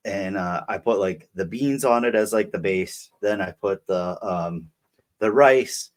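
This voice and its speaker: Young male podcast co-host, low voice, rambling casual storyteller. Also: unhurried. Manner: rambling, filler-heavy storytelling. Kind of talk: casual chat.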